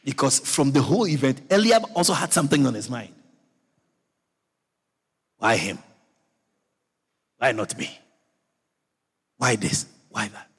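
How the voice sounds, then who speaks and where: Lively husky male preacher. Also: medium pitch, unhurried, pauses often. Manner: animated storytelling, builds to shouts. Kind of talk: sermon. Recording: long echo of a large hall.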